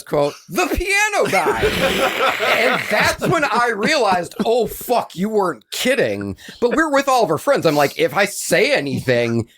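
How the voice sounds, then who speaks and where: Animated man telling a story. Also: on the high side, no echo. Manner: animated, acts out quoted voices, swears freely. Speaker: podcast co-host. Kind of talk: casual storytelling chat.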